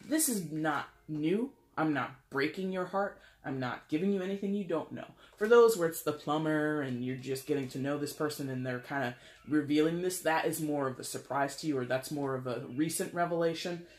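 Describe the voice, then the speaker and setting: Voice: medium pitch, normal speed, echoey room. A tarot reader giving a casual, chatty reading, often acting out imagined dialogue and breaking into asides. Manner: chatty, acts out imagined dialogue in lively quoted voices; frequent laughs and asides.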